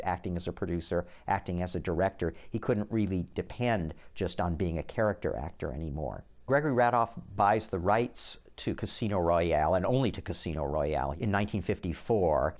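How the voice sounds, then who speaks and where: Deep-voiced male historian, lecturing tone. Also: darkish tone. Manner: analytical, lecturing. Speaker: film historian interviewee. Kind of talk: documentary interview.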